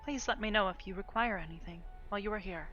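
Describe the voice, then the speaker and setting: A woman's voice: mid-range voice, fast, pushed and bright, natural voice. A woman voicing a polite, composed synthetic woman who runs a space station, in a live role-play. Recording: dull lo-fi mic, faint music.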